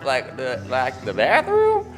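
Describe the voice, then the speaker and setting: A man's voice: medium pitch, huge pitch swings, takes it slowly, music in the background. A man playing a blustering cowboy saloon owner in a comedy skit, with a brash, bossy drawl. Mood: bewildered.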